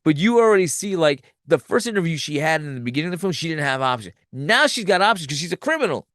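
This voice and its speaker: A man hosting a podcast, retelling a film's plot in a loose, profane, animated way and acting out the characters' lines. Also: on the high side, fast talker, no echo, clean studio sound. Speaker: podcast host. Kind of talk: casual movie recap.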